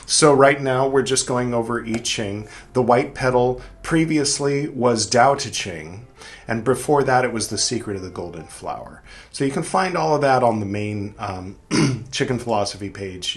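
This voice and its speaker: A man's voice: mid-range voice, fairly bright tone. A young man hosting a podcast, chatting casually and rambling, mocking himself with lots of fillers and restarts. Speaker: podcast host. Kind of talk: casual chat to camera.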